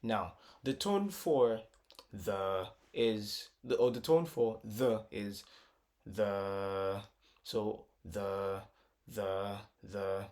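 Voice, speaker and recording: A man's voice: lowish voice, very slow, darkish tone. A man teaching a casual music lesson, thinking aloud, repeating words and singing short solfa syllables to test notes. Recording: guitar music clearly under the voice.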